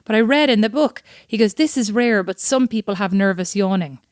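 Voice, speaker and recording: Woman, podcast co-host, casual chat, animated storyteller, middle pitch, dry close sound. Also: dry recording. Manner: chatty, animated storytelling with quick asides.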